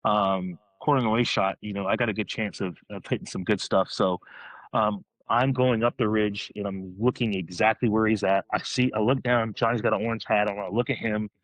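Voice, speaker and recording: A man on a podcast, telling a story in a casual, excited way, rambling, restarting his sentences. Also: lowish voice, fairly quick, no room sound, rough recording.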